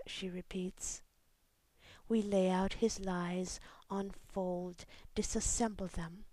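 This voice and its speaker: A woman reading her own poem aloud in a soft, measured voice that often drops to a half-whisper. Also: fairly low pitch, flat delivery, no echo. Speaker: poet. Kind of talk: poetry reading.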